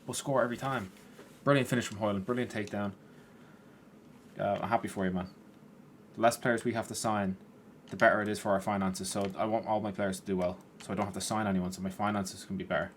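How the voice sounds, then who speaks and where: A man's voice: lowish voice, quick pace, slight background noise. A man casually commentating over his own football video game, chatty and swearing, tired and yawning at times. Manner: chatty, swears at players, rises in excitement. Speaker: gaming YouTuber.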